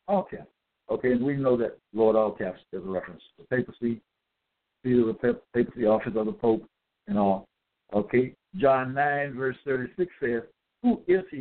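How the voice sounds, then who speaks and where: A man delivering a scripture-citing monologue, reading out verse references and pausing to ask "okay?" as he goes. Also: medium pitch. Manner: deliberate, checks in with "okay?"; spells out capitals, hesitant fillers. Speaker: self-styled religious teacher. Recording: tinny phone-like audio.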